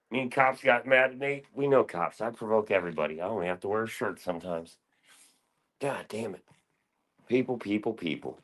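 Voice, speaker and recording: A man's voice: medium pitch, a bit bright. A man hosting a livestream, taunting and cursing at a rival in heated, profane banter. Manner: taunting, profane trash talk. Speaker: livestream host.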